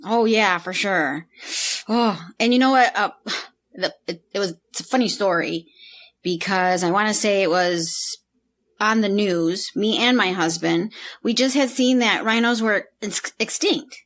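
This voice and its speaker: A woman's voice: mid-range voice, measured pace, fairly bright tone. A married woman co-hosting a podcast, chatting in an easygoing, agreeable way with plenty of fillers. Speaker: podcast co-host. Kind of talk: casual chat.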